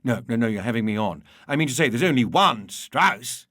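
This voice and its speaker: A man reading a memoir aloud and voicing an effusive, pushy bogus Viennese gentleman. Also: lively intonation, a little fast, dry recording, studio quality. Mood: insistent. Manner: gushing, insistent, higher pitched. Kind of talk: audiobook reading.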